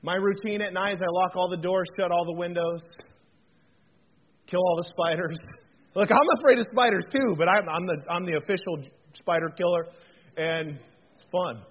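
Pastor guy preaching, pretty high voice, kinda dull lo-fi sound w faint hiss. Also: normal speed. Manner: animated, jokey storytelling with audience call-outs. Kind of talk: sermon. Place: church hall. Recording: dull lo-fi recording, faint noise.

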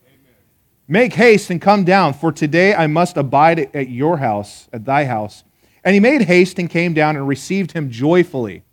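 A pastor preaching a sermon to a live congregation, an animated storyteller who talks straight to his listeners with questions and laughs at his own jokes. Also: fairly high pitch, normal speed. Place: church service before a live congregation.

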